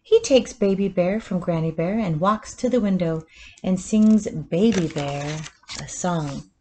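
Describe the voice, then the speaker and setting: A woman reading a picture book aloud at storytime, in a slow, soothing bedtime manner. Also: lowish voice, a little mellow. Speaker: storytime reader.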